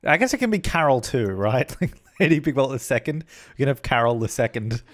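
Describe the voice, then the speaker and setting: Fairly quick and a bit bright, the mid-range voice of a young gaming YouTuber stays expressive throughout. He chats casually through a let's-play, correcting himself as he goes and frequently putting on voices for his characters.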